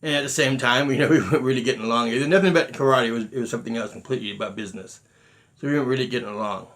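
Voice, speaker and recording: Rapid-fire and fairly bright, the medium-pitched voice belongs to a middle-aged martial arts grandmaster. His storytelling monologue is emphatic, full of repeated words and acted-out quotes.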